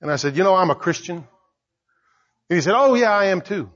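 An older man preaching a sermon as pastor, emphatic and rising to shouts. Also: high voice, animated, normal speed. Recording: dull lo-fi recording.

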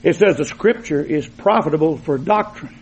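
An older man preaching a fiery, folksy sermon in a church, swinging from shouted lines to low asides. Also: expressive, moderate pace. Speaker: pastor. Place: church sanctuary with congregation. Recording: muffled, echoey church recording with crowd.

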